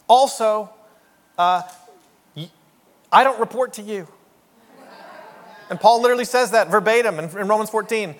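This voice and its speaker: Brief: male pastor, slightly high voice, wry and chatty, big reverberant church sound. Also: fairly bright tone. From Canada. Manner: joking, conversational, rhetorical asides. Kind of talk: sermon.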